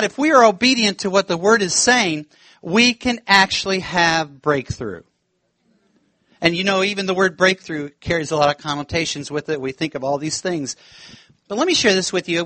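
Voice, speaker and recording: Male preacher, high bright voice, dry close sound, lively storytelling sermon. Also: no echo. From United States. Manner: animated, laughing, acts out quoted voices. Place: church.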